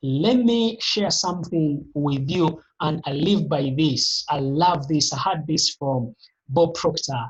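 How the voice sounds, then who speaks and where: A motivational speaker giving an emphatic, repetitive talk in a live online session, with sudden upward pitch jumps, heard over a video call. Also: takes it slowly, highs cut off.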